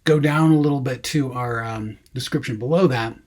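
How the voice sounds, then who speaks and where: A man with a husky, slightly breathy voice explains screenwriting in a relaxed lecture. He talks conversationally, with plenty of ums and dry, wry asides. His tone stays loose and unscripted. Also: mid-range voice, normal speed. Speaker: screenwriting teacher. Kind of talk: casual classroom lecture.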